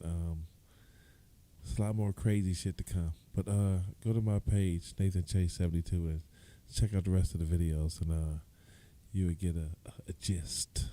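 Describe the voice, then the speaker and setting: Very deep, dark-voiced rambling man. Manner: rambling, self-mocking asides. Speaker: comedian signing off his video. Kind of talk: casual vlog outro.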